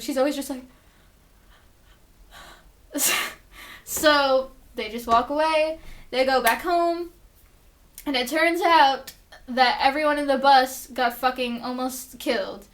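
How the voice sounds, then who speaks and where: Girl vlogger w a high voice ranting about a tv episode, swears a ton, says like constantly. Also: normal speed. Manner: gushing and profane, lots of "like" fillers. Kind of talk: casual chatty episode recap.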